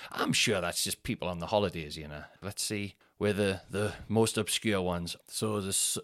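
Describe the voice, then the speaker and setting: A man's voice: low-pitched, fairly even intonation, moderate pace, fairly bright tone. A Northern English man hosting his own podcast, talking alone in a rambling, sweary, self-mocking way. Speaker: podcast host. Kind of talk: casual solo podcast chat.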